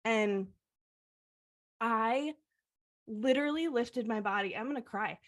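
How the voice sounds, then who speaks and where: Slow and on the high side, the young adult co-host's voice carries a sincere retelling of something from her own life on the podcast, peppered with "like."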